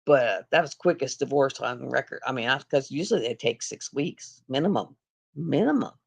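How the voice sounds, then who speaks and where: A woman's voice: a bass voice, lively intonation, moderate pace, creaky, slightly rough. A middle-aged woman, hosting a casual live chat and rambling through stories with frequent laughter. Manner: rambling, laughs often, acts out other people's voices. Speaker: livestream host.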